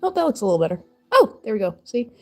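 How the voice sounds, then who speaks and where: A woman's voice: on the high side, very animated, very fast, soft background music. A woman in her thirties chatting casually while crafting on a stream, rambling and laughing often.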